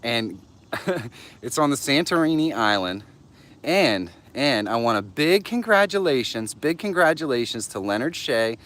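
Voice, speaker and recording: A man hosting a live stream, casually chatting and excitedly greeting viewers by name while walking outdoors, a little out of breath. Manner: enthusiastic, greets viewers by name, jumps in pitch. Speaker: livestream host.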